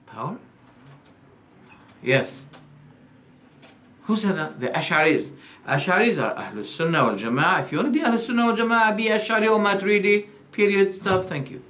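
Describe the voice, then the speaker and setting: A man giving a religious lecture, animated, firing rhetorical questions and acting out quoted dialogues. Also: high-pitched, normal speed, pauses often. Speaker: Islamic preacher.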